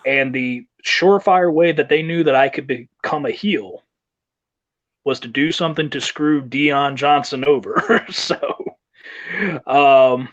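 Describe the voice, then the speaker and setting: Wrestler guest, mid-pitch man, chatty rambling storyteller, lo-fi audio. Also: a little slow. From South Carolina, US. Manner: rambling anecdotes with fillers and laughter. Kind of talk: interview storytelling.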